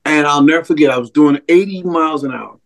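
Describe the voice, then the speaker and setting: A man telling his personal testimony as an interview guest, earnest and heartfelt. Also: fairly high pitch. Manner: earnest storyteller, slow and heartfelt. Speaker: interview guest, ministry co-founder.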